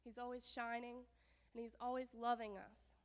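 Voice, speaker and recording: A woman with a fairly high voice tells a make-believe story to children in a church service, lively and often checking in with questions. Her voice rings out with a long reverb through the sanctuary. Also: moderate pace.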